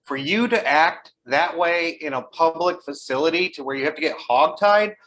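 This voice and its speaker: A man chatting casually on a podcast, agreeing with his co-host and adding his own remarks. His voice sits slightly high for a man. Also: expressive, normal speed, a bit bright. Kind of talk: casual chat.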